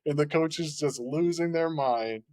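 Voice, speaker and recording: A man's voice: on the high side, a little slow, dark tone, no room sound, studio quality. A man chatting casually on a podcast, rambling and often laughing, with lots of "like" in his speech. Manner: rambling and laughing, heavy use of "like".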